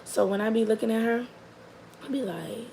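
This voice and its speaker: Gravelly young mom telling stories. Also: female voice, moderate pace, a little hiss or hum, poor audio. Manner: rambling and animated, with many likes and restarts; drops to a soft, low murmur for long stretches. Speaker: mother telling a story about her daughter. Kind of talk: casual storytelling to the camera.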